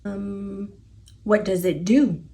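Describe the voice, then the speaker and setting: A woman with an American accent voicing a gentle, careful male elephant in a picture book read-aloud. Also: fairly even intonation, slow, natural voice. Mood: puzzled. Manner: low, soft and hesitant.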